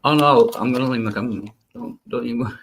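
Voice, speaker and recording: A man's voice: mid-range voice, fast talker, gravelly, fairly bright tone, slight background noise. A man hosting a casual livestream panel, laughing often and joking crudely with his guests. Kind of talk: casual chat.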